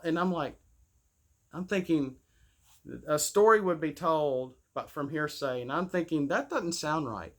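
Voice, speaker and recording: A man's voice: fairly high pitch, measured pace. A man ranting in a casual monologue. He sounds preachy and indignant and often stammers and restarts his sentences. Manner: rambling, with frequent stammered restarts. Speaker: gaming channel host. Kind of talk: casual spoken rant.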